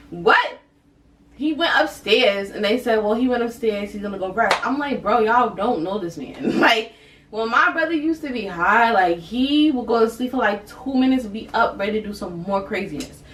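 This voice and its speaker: Young woman doing a storytime vlog, kinda high voice, slangy and animated, sounds a bit far off in an echoey room. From Boston area. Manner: animated, slangy, addresses viewers as y'all. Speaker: vlogger. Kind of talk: casual storytime. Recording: roomy, from off the mic, faint hiss.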